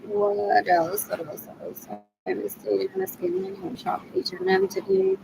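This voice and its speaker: A woman's voice: extremely high pitch, very animated, a little slow, creaky, noisy background. A woman in her forties rambling agitatedly in a solo video monologue. She repeats herself and slips between English and Spanish. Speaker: vlogger asking for money.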